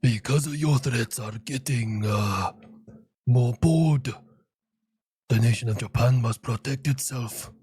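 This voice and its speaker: A man voicing Japan as a stern, defiant man making slow, solemn declarations. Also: mid-range voice, dark tone, breathy edge, no echo, studio quality, soft background music, pitched below the performer's own voice.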